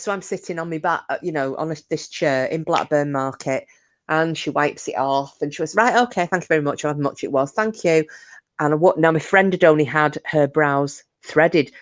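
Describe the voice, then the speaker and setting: A middle-aged woman with a low voice hosts a livestream, chatting and telling funny stories. Her anecdotes are animated and chatty, with laughs and asides to viewers. No room sound can be heard.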